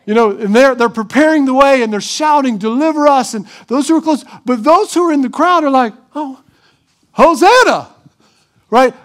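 A man preaching a sermon as pastor, animated, acting out crowd shouts in a raised voice. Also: very high voice, brisk, few pauses.

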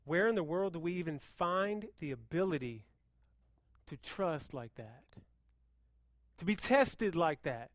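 A man preaching a sermon as pastor, moving between hushed, intense passages and loud, fervent appeals. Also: a little high, animated, a little slow, no room sound.

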